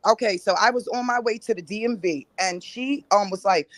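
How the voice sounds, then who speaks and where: A woman's voice: mid-range voice, brisk, few pauses, dry recording. A woman calling in by phone to a live panel, angry and defensive, swearing as she tells her side. The line is dry, with no room around her voice. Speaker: panel guest. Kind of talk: heated call-in chat.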